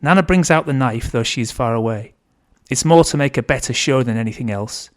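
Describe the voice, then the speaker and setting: An author reading his own novel aloud in a steady, measured narrating voice. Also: medium pitch.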